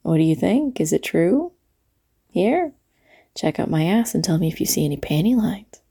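A woman playing a flirty late-night diner waitress in an audio role-play, talking to the listener in a teasing way with breathy asides. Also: on the low side, big pitch swings, moderate pace, dark tone, heavily acted.

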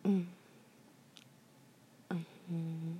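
A young woman in a whispered role-play, speaking in a soft murmuring whisper with many hums. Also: low voice, little pitch movement, extremely slow, slight background noise. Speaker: ASMR performer.

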